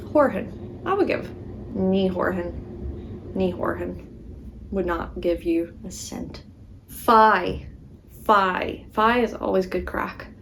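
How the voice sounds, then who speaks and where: A woman teaching Irish verbs with an Ulster Irish accent, repeating each form slowly and adding playful asides. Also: medium pitch, a little hiss or hum, rough recording. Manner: slow, careful drilling of words with playful asides. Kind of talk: casual spoken lesson.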